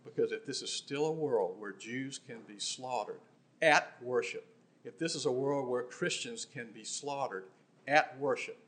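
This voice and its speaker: A man preaching a sermon in church, impassioned, swinging between emphatic bursts and quiet, intimate asides. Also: mid-range voice, unhurried.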